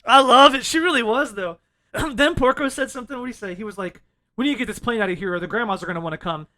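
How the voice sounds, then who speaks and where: A man's voice: very high voice, fast talker, pushed and bright. A man chatting casually about a film on a podcast, laid-back and profane, often laughing. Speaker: podcast co-host.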